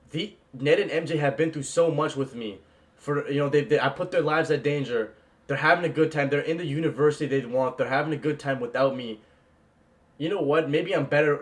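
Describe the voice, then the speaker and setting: Gushing young man, excited movie reaction. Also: fairly high pitch. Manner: gushing, repeats "bro" and "man", bursts into yells.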